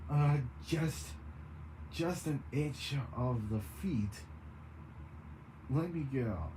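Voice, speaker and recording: A woman voicing a transforming woman who turns into a sea monster, speaking high and shaky and breaking into growls. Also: animated, extremely slow, noisy background, heavily acted. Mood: strained.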